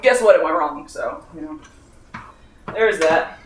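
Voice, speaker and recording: In his twenties, a young man with a highish, animated voice rambles slowly through a casual cooking vlog at home, exhausted and ill from sunburn. He pokes fun at himself, swears freely and keeps laughing between phrases. He sounds distant in an echoey kitchen, with a slight hiss or hum.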